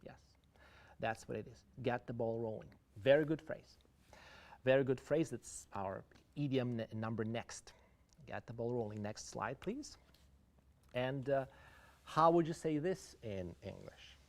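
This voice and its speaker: A man's mid-range voice, creaky and darkish, comes at a slightly slow pace. He is an English teacher with a Ukrainian accent lecturing online about idioms, shifting between English and Russian and prompting viewers to respond in chat.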